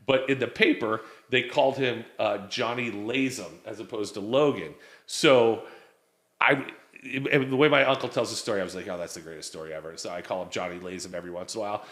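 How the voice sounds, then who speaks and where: Bright-voiced man telling rambling stories. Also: lowish voice, brisk, echoey room. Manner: rambling storyteller, acts out quotes. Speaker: guest. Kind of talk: casual chat.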